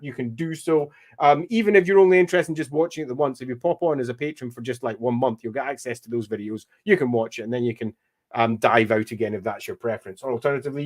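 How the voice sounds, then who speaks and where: Scottish man thinking aloud on stream. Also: fairly high pitch. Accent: mixed Scottish. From Scotland. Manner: relaxed, thinks aloud, reads and answers viewer comments. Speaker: stream host and mapmaker. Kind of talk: live-stream commentary while drawing a map.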